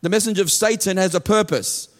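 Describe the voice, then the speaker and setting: A man preaching a sermon, reading Bible verses slowly and then explaining them in an earnest way, often repeating and restarting his words. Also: high-pitched. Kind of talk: sermon teaching from scripture.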